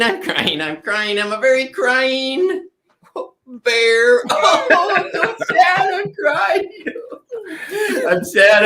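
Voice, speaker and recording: A giggly, bouncy puppet host, voiced by a performer leads a kids' word game in a sing-song way. The voice is bright and sharp, and its pitch leaps all over the place. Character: silly, playful puppet who sings word games.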